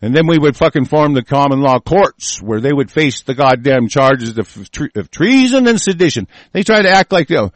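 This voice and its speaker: A man's voice: a little high, very animated, normal speed, few pauses, dry recording. A man hosting a talk show, delivering a furious, profane and confrontational political rant.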